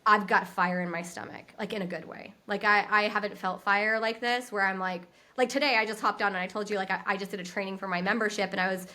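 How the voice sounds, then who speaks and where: Woman coach on a podcast, bright voice, talks fast and loose, restarts a lot. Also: medium pitch. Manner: candid and animated, with frequent restarts and laughs. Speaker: social media coach, podcast guest. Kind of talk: unscripted interview talk.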